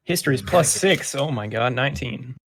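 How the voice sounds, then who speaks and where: A man's voice: mid-range voice, lively intonation, moderate pace, gravelly, fairly bright tone. A man playing a tabletop game, chatting casually and asking questions in character. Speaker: player.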